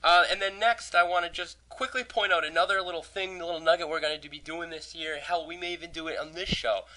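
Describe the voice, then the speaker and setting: A young man hosting a casual podcast, hoarse from losing his voice. He rambles, jokes, swears and restarts often. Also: a little high, steady tone, fast, pushed and bright, a little hiss or hum, rough recording. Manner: rambling, profane, joking, many restarts. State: hoarse, lost voice. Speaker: podcast host.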